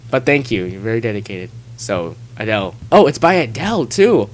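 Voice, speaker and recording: A man hosting a casual podcast chat, talking in halting bursts with frequent restarts and laughs. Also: on the low side, very animated, a little hiss or hum. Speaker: podcast host.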